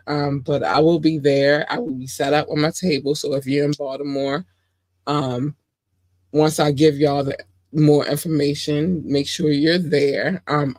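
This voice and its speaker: A woman hosting her own podcast in an easygoing solo chat, with a dry, close sound. She gushes and gets excited, her voice leaping high as she talks, then settles back into loose, rambling talk full of fillers. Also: no room sound. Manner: gushing, excitable, big pitch swings; chatty with fillers and self-corrections. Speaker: podcast host.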